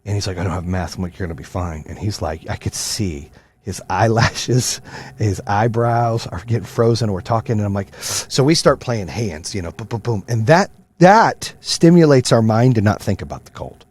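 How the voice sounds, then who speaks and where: A man's voice: fairly low pitch, lively intonation, normal speed, a little mellow, slightly rough. A middle-aged man hosting his own podcast, ranting with heavy swearing in a fired-up motivational style. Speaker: podcast host. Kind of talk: profane motivational rant.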